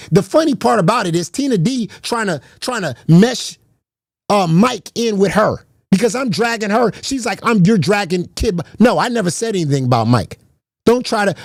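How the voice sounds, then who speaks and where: A man rants to his stream audience, raised in pitch and heated, repeating his points and swearing at rivals. The sound is dry and close, with no room around it. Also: lively intonation, moderate pace, gravelly, dry recording. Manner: confrontational, profane, repeats himself. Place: garage.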